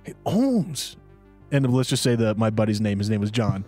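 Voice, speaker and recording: Young podcast co-host, lively slangy storyteller, light music bed. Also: male voice, on the low side, quick pace. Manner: animated, slangy storyteller who acts out quotes. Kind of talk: casual storytelling chat.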